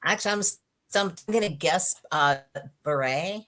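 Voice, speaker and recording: A woman guest in casual chat, self-deprecating and quick to laugh. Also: lowish voice, a bit bright.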